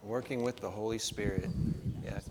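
A man's voice: lowish voice, fairly even intonation, normal speed, background noise. A man hosting a Christian ministry program, wrapping up with encouraging, loosely phrased preaching. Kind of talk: preaching wrap-up. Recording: long hall reverb with faint music.

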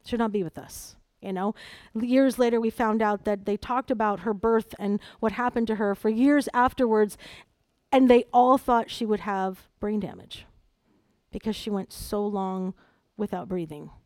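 A middle-aged woman preaching a sermon, animated, moving between hushed personal storytelling and loud, emphatic exhortation. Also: mid-range voice, unhurried, no echo.

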